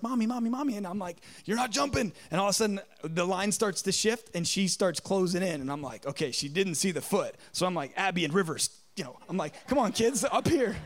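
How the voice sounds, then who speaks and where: A man in his thirties preaching a sermon, telling a story in an animated way and acting out the voices in it. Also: high-pitched. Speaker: pastor.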